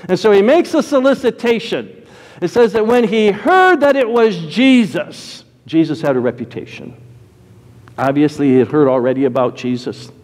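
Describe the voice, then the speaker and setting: Man preaching in a church, lively voice, bit high for a guy, long hall echo. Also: moderate pace. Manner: animated, shifts between loud exclamations and low asides. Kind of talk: sermon.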